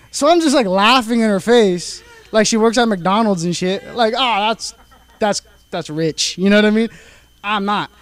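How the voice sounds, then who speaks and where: Young male comic, nineteen, high voice, casual and profane open-mic delivery. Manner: casual storytelling, heavy filler and profanity. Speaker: stand-up comedian. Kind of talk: open mic stand-up set. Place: comedy club stage. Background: audience laughter.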